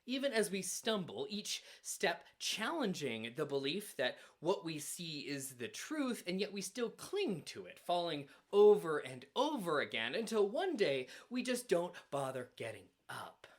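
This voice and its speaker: A male minister giving a sermon at a church, earnest and measured, with dramatic pauses. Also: fairly high pitch, very animated. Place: church sanctuary.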